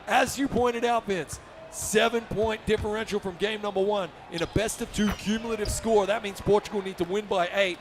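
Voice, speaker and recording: High-voiced energetic play-by-play man. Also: normal speed, background noise. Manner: energetic, upbeat, frequent shouted calls. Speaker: esports commentator. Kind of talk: live basketball video game play-by-play.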